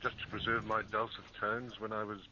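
A man's voice: lowish voice, little pitch movement, a little fast, sharp tone, lo-fi sound, a little hiss or hum. A man co-hosting a radio chat, joking in a self-mocking, teasing way. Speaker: radio show co-host.

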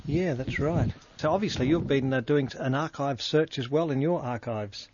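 A man's voice: mid-range voice, normal speed, lo-fi sound, background noise. Dry-spoken male radio host. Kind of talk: casual chat.

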